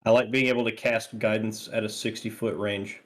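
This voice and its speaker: A man's voice: on the low side, flat delivery, brisk. A man player chatting upbeat and giggly in a tabletop game. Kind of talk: casual tabletop game chat.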